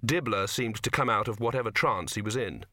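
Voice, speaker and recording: Give me a man narrating a novel in a bright voice, dry close recording. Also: lowish voice, fairly quick, dry recording. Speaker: audiobook reader. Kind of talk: scripted narration.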